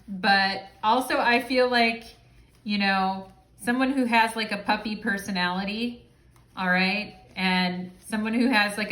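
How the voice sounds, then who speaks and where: A woman gives a casual tarot reading in an easy, chatty way. She swears freely and keeps checking in with her listeners. Her voice sits at a middle pitch and carries a roomy echo. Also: a bit bright. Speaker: tarot reader.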